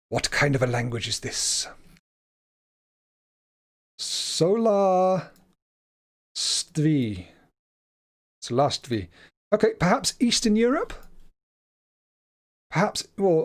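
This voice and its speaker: A man hosting a live stream, commentating a game as he thinks aloud in a chatty, hesitant way that often stumbles over his words. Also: on the high side. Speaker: livestream host.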